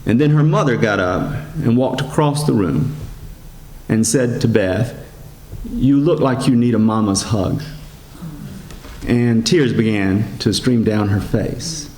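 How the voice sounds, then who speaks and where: A man, a priest giving a sermon in a gentle storytelling manner, slowing down and rising in pitch for emphasis. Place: church. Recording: echoey church sanctuary.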